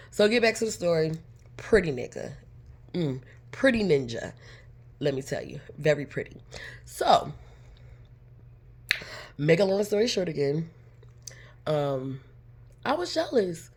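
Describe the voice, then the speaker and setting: A young adult woman, chatty and animated, telling a personal story to her viewers and acting out the lines of the people in it. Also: deep voice, unhurried, pauses often. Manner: animated, chatty, acts out quotes. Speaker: vlogger. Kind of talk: casual storytime.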